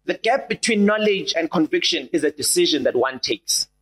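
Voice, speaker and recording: Young man, sermon to a small group, fairly high voice, builds and repeats. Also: normal speed, husky, poor audio. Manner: animated, repeats key lines, rises to shouts. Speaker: preacher.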